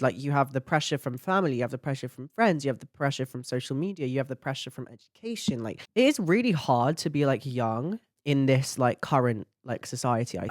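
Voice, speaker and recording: A woman's voice: rumbling low, no room sound, studio quality. A young woman hosting a podcast, talking in a blunt, chatty way with lots of filler words and swearing. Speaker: podcast host. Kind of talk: casual chat to camera.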